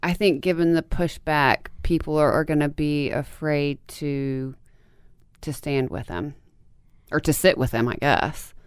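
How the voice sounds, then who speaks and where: A woman co-hosting a casual sports talk show, measured and quick to agree. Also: low-pitched, steady tone, clear, resonant tone, no echo, clean studio sound. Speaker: podcast co-host.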